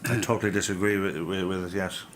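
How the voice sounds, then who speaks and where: Defensive man testifying, low voice. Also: steady tone, fast talker, fairly bright tone, slight background noise. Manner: defensive, firm denials. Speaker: witness at an inquiry. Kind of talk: formal testimony under questioning. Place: public inquiry hearing room.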